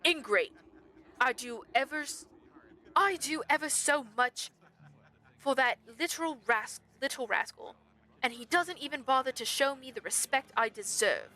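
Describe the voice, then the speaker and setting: A woman's voice: sits high, lively intonation, a little slow, sharp tone, pitched above the performer's own voice, heavily acted. A woman voicing a vain and spiteful male stag prince in a game, speaking in a haughty, grandiose, petulant way. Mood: resentful.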